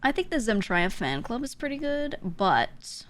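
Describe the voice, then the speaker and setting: A woman's voice: a little high, sing-song, unhurried, fairly bright tone, a little hiss or hum. A young adult woman streaming, chatting casually and playfully with her viewers and laughing often. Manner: playful, giggly, talks with chat. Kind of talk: casual live-stream chat.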